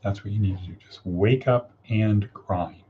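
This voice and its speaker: A man's voice: fairly low pitch, normal speed, phone-quality sound, a little hiss or hum. A man hosting a casual morning coaching livestream, upbeat and encouraging as he reads viewer comments and guides listeners through steps.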